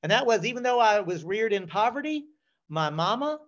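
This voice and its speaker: A man's voice: high voice, lively intonation, fast, muffled recording. A man in his sixties with a Southern US accent, telling stories as an interview guest, often checking in with "right?". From Southern United States. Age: 60s. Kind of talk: casual storytelling.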